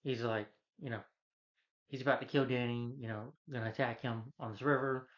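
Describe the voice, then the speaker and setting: A man in the middle of a loose, rambling movie review, working through the plot with fillers at every turn. His voice sits at an ordinary middle pitch. The recording has a slightly muffled, lo-fi quality. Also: steady tone, a little fast. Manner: loose, meandering retelling with many fillers. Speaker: film reviewer.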